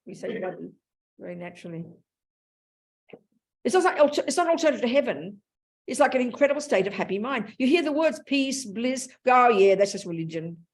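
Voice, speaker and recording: An older woman with an Australian accent gives a dharma talk. She teaches in a frank, earthy, animated manner, full of everyday slang. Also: high-pitched, brisk, pauses often. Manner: blunt, animated, colloquial. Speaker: Buddhist teacher.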